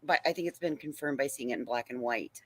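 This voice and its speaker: A woman's voice: very deep voice, quick pace, a bit bright, husky, poor audio. A woman venting angrily and swearing on a live-stream panel. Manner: angry, profane, emphatic. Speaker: panel guest.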